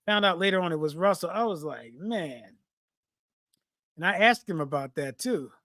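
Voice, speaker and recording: A man, co-hosting a podcast and telling lively stories that he acts out in casual chat. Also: high voice, fast, no echo, studio quality. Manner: animated storyteller, acts out quotes. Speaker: podcast co-host.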